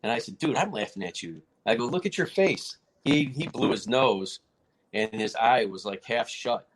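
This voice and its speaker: A man with a fairly low voice tells a story in a relaxed interview. He talks casually and animatedly, and his pitch jumps when he acts out what people said. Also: moderate pace. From United States. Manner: animated, acts out quotes in a raised voice. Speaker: martial arts federation president, guest.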